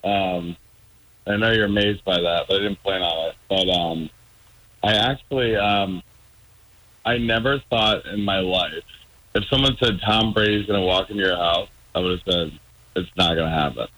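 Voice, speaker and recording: Man, caller guest, rambling, hesitant, low pitch, sharp tone, dry sound. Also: normal speed, no echo, poor audio. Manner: rambling, hesitant with many ums. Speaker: caller guest on a radio show. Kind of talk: casual storytelling on a phone-in.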